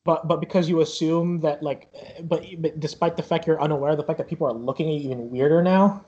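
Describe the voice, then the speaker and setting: Rambling game master, muffled lo-fi sound. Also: male voice, on the high side, steady tone, fast talker, dark tone, slightly rough. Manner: rambling, full of fillers and restarts. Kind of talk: narrating a tabletop game.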